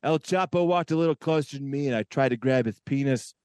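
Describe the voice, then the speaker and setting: A boastful, rambling older politician, as a man puts him on, telling a tall tale full of self-corrections. The voice sits at a middle pitch. The sound is close and dry. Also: brisk, darkish tone, clean tone, no room sound, natural voice. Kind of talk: comedy impression narrating a story.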